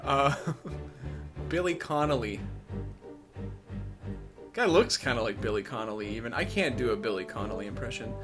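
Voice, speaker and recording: A man talking through a retro game as he plays, in a loose and casual way. He makes wry, self-deprecating asides and keeps a relaxed, chatty tone. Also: mid-range voice, normal speed, long pauses, music in the background. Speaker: let's play host. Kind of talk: casual gameplay commentary.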